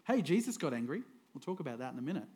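Man, middle-aged, pastor, conversational sermon, jokey, chuckling, higher voice. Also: very animated, rapid-fire, a little mellow. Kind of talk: humorous sermon.

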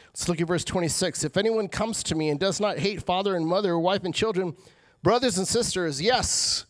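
High-voiced pastor preaching conversationally. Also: male voice, no room sound. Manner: conversational preaching with quick asides and acted-out quotes. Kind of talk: sermon.

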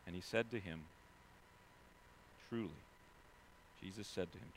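A man preaching a sermon, reading scripture quietly and then rising into loud, emphatic preaching. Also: on the low side, measured pace, long pauses, a little hiss or hum. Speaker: pastor.

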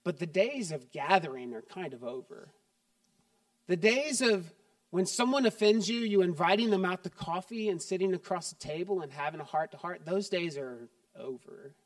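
A middle-aged male pastor with a high voice delivers a sermon in a chatty, joking way that turns quiet and earnest. The sound is dry, picked up from a mic set some distance away. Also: lively intonation, normal speed, dry recording.

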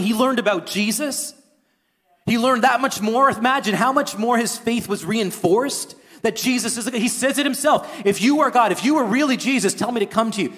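A man preaching a sermon as pastor, earnest and rising toward near-shouting at times. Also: very high-pitched. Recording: long hall reverb.

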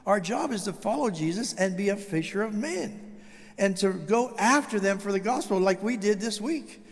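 An older man preaching a testimony sermon as a guest speaker, telling his story with animated, acted-out dialogue. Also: sits high, moderate pace. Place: church sanctuary. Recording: long hall reverb.

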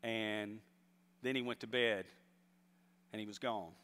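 A man's voice: on the low side, steady tone, takes it slowly, sharp tone, in a large hall. A man preaching a sermon, telling a story and urging his congregation on with rising emphasis. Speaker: pastor.

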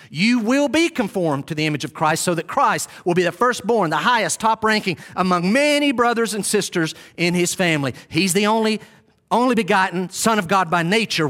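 Lively high-pitched male preacher. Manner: emphatic, repeats key phrases; addresses the congregation directly. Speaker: pastor. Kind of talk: sermon.

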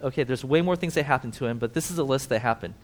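A man preaching a sermon who tells the story vividly, swings between emphatic and hushed, and talks directly to his listeners. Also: medium pitch, rapid-fire. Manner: conversational asides to listeners.

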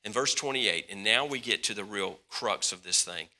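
A man preaching a sermon as pastor, telling stories with dramatic swings between loud bursts and hushed moments, often repeating words and restarting sentences. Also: lowish voice, normal speed.

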